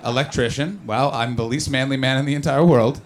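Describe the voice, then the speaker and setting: Speaking brisk and steady in a mid-range voice, this man works the crowd at a comedy club, teasing audience members with brash, profane humor. He isn't from the UK.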